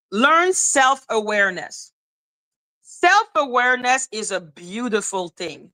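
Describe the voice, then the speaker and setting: A woman's voice: a little high, lively intonation, unhurried, bright, forceful tone, low-quality recording. A woman hosting a commentary livestream, ranting in a profane, sarcastic and scornful way. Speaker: commentary channel host. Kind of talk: livestream rant.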